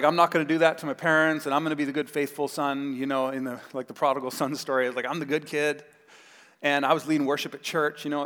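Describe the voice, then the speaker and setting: A man in his thirties, a pastor preaching a sermon with animated storytelling, acting out quotes in a raised voice. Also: on the high side. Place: church sanctuary. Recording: long hall reverb.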